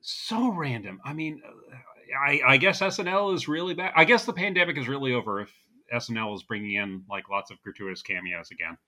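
A man's voice: mid-range voice, animated, fairly quick, sharp tone. A man co-hosting a podcast, chatting casually with a dry, blunt wit. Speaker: podcast co-host. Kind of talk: casual chat reviewing a comedy show. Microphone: remote call recording.

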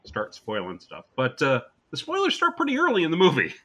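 A man's voice: on the high side, huge pitch swings, brisk, pushed and bright. A man with a New Jersey accent co-hosting a comedy podcast, easygoing and a bit hesitant. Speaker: podcast co-host. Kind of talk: casual chat.

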